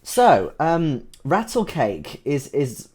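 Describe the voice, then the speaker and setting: A man hosting a relaxed convention interview, chatty and friendly with frequent ums. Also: on the high side, takes it slowly, crowd noise.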